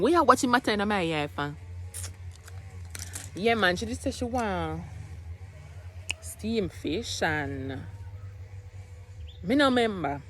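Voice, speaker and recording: A woman's voice: medium pitch, expressive, slow, long pauses, a little hiss or hum. A young Jamaican woman talking casually to camera in a home vlog, chatty and rambling, slipping into patois. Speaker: vlogger, single mother.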